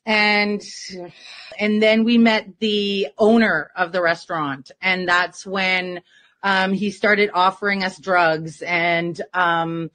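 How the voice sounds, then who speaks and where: A woman's voice: mid-range voice, little pitch movement, slow pace, fairly bright tone. A woman telling a story as an interview guest in a casual, rambling way, full of fillers.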